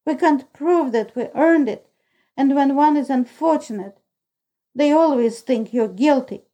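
A woman's voice: high voice, a little slow, dark tone, rough recording. A woman voicing a miserable, anxious young boy in an audiobook, speaking in a tearful, gloomy, fretful way. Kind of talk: audiobook character reading.

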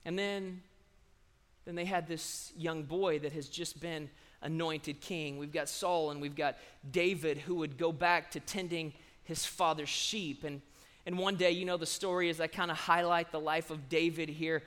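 A preacher tells a Bible story in a loose, conversational way, often swelling to loud emphasis. His voice is fairly high for a man, and a long reverb trails after it. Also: fairly even intonation, a little slow. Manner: storytelling, conversational, surges in loudness. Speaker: pastor. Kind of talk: sermon.

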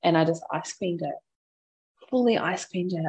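Husky low-voiced woman telling a story. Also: moderate pace, pauses often. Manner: open, reflective storytelling with frequent laughter; speaks to listeners with gentle advice. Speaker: podcast host and mother. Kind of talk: candid personal podcast talk.

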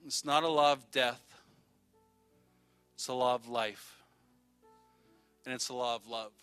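A man's voice: mid-range voice, steady tone, a little slow, fairly bright tone, clear, resonant tone, soft background music. A man preaching a sermon as pastor, speaking in repetitive, rhythmic phrases.

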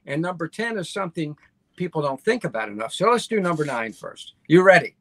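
Man, podcast host, enthusiastic, repeats himself, gravelly, dry. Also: fairly high pitch, big pitch swings, a little fast, a bit bright, no echo. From Baltimore. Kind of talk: casual interview chat.

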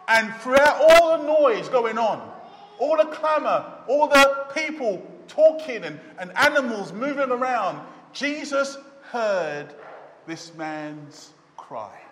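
A man's voice: high-pitched, a bit bright. A pastor, a man, giving an emphatic storytelling wedding sermon in a church. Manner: storytelling, emphatic with slow stretched phrases. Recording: echoey church hall.

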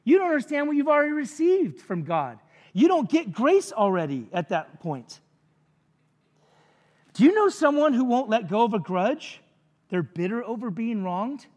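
A man's voice: very high voice, very animated, normal speed, darkish tone, long reverb tail. A man preaching a sermon as pastor, conversational and jokey, with frequent asides to the congregation.

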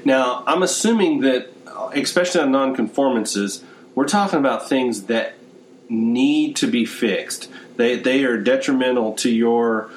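A man's voice: mid-range voice, unhurried, a little hiss or hum. A man hosting a business conversation, explaining points steadily and often saying "you know".

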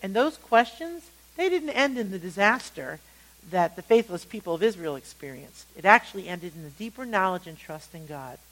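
A woman leading a Bible study lesson, speaking at a middle pitch. She retells scripture stories with animated storytelling and often slips into acted-out quotes. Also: moderate pace, rough recording.

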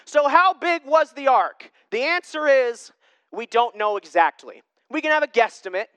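A young man preaching a sermon as a pastor, conversational and self-deprecating, with lively asides. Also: high-pitched, clean tone, no room sound.

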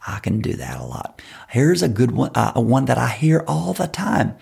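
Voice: mid-range voice, big pitch swings, moderate pace, vocal fry, darkish tone, slightly rough. A coach for fundraisers teaching public speaking in an instructional talk, emphatic and repeating key words.

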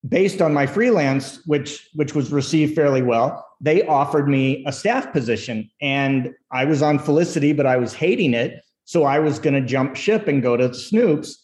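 A middle-aged man, a screenwriter guest, recounts his early career with candor. His voice sits a bit high, and he slips into quoted voices, laughing as he goes. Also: normal speed, few pauses. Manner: animated storyteller, acts out quotes, laughs often. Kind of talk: candid storytelling interview.

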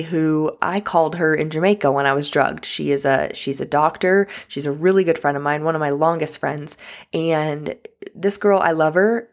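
Low gravelly-voiced woman telling a story. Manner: chatty, many likes and restarts, addresses viewers as guys and y'all. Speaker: vlogger. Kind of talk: casual personal storytelling.

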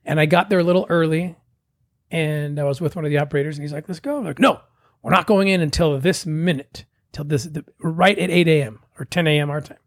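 A middle-aged man telling a personal story in a casual, animated way, acting out the voices of the people in it. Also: a little high, brisk, no echo, clean studio sound. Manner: animated, acts out quoted voices. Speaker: guest telling his story.

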